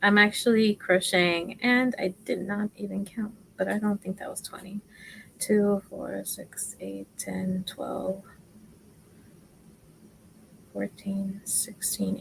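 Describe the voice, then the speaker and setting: A woman's voice: mid-range voice, little pitch movement, vocal fry, slight background noise, low-quality recording. A woman teaching crochet on a casual livestream, chatting and murmuring stitch counts under her breath. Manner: slow, chatty, self-deprecating, often drops to murmurs while counting stitches. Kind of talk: casual live tutorial.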